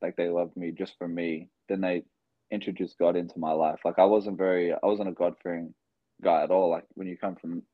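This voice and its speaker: A man's voice: low voice, flat delivery, brisk, no room sound, narrow, tinny audio. A young man from Australia with an Australian accent, telling stories as a guest in a casual interview, full of fillers. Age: young adult. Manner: rambling, filler-heavy storytelling. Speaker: guest, basketball player.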